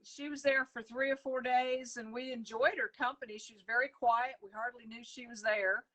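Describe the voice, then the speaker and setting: A woman's voice: on the high side, fairly even intonation, normal speed, sharp tone. A woman, a coloring book author, chatting casually over a phone video call and telling stories with plenty of fillers. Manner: rambling storyteller with many fillers.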